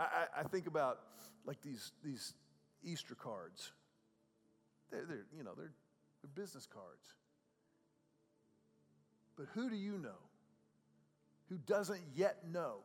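A man preaching a sermon as a pastor. He talks in a conversational way, often repeats words, and swings between soft, quiet passages and loud, raised ones. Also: sits high, in a large hall.

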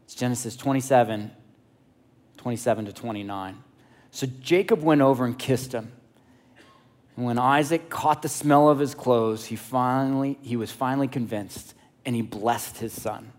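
A male preacher who retells a scripture story in a lively, conversational way. He drops playful asides to the congregation, and his voice sits at an ordinary middle pitch. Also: moderate pace. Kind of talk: sermon storytelling.

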